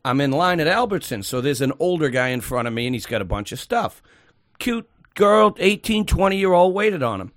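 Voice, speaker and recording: A man in his fifties telling a story on a casual podcast, swearing often and acting out the people in it. His voice sits high for a man. The recording is dry and close. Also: big pitch swings, normal speed, dry recording. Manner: loud, swearing, acts out quoted people. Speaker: podcast co-host.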